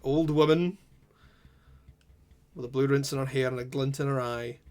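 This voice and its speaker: Game master, steady descriptive narration. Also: male voice, mid-range voice, normal speed.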